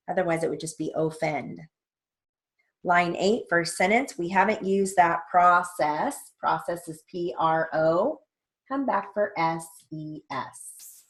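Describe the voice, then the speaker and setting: Slow, patient woman teaching stenography. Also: lowish voice, fairly bright tone. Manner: patient, explains step by step, spells out letters; frequent fillers and check-ins like okay. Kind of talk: recorded lesson walkthrough.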